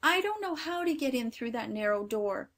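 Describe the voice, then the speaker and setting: Woman doing a high-voiced little girl. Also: sing-song, normal speed, a bit bright. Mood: earnest. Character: young girl, frightened then joyful. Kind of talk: storybook reading.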